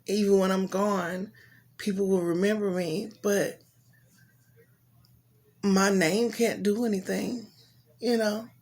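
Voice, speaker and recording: A woman's voice: mid-range voice, steady tone, slow, pauses often, darkish tone. A woman giving an earnest, heartfelt devotional reflection and reading scripture aloud, often repeating her phrases. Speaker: Bible reader.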